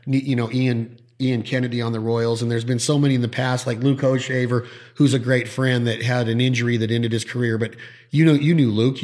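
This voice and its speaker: Animated Midwestern man telling stories. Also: medium pitch. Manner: animated storyteller who acts out quoted voices. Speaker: podcast host. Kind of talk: casual chat.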